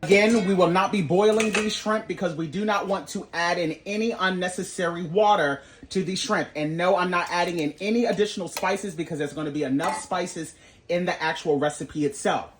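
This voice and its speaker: A man hosting a home cooking video, talking in a sassy, blunt and animated way with playful exclamations. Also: high-pitched, a little fast, background noise. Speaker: home cooking channel host. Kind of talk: casual cooking tutorial.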